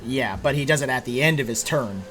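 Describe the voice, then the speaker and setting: A man's voice: medium pitch, brisk, over music. Man game master, filler-heavy rules talk. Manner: explains rules with many fillers and restarts. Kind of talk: running a tabletop game.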